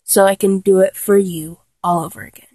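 A woman's voice: medium pitch, fairly even intonation, fairly quick, mellow, no room sound. A young woman performing a playful one-sided phone role-play, teasing and giggling as she talks to an unheard listener.

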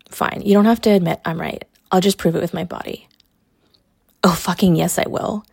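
A woman's voice: lowish voice, fairly even intonation, normal speed, creaky, darkish tone, slightly rough, dry recording, clean studio sound. A young adult woman performing a scripted audio role-play, teasing and mocking with frequent laughter. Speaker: college athlete character in an audio role-play.

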